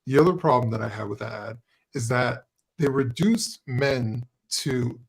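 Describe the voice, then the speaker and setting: A man speaking as a guest on a live panel discussion, animated and sarcastic, mimicking others' voices. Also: medium pitch, a little slow, gravelly, slightly rough.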